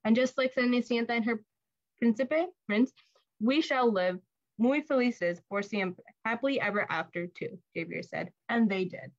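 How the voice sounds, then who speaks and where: A woman's voice: fairly high pitch, normal speed, muffled recording. A woman reading a picture book aloud to children, acting out the lines and mixing in Spanish words. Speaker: volunteer reader.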